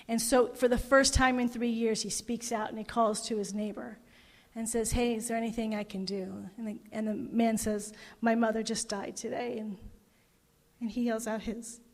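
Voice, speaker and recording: A woman's voice: on the high side, darkish tone. A middle-aged woman minister giving a sermon, telling a story with emotion and voicing the people in it. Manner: emotive, retelling a story with quoted voices. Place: parish hall. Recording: long hall reverb.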